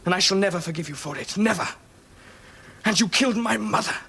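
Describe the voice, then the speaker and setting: A man's voice: high-pitched, fairly quick, vocal fry, bright, forceful tone, husky, exaggerated voice. A young actor playing a young Roman prince who speaks to his father in a wounded, reproachful way. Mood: bitter. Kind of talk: television period drama acting.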